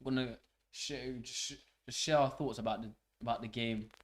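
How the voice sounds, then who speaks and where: A young man hosting a live football watch-along, swearing and shouting at the match as it unfolds. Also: medium pitch, normal speed. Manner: swearing, excitable, shouts at the game. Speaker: fan channel host.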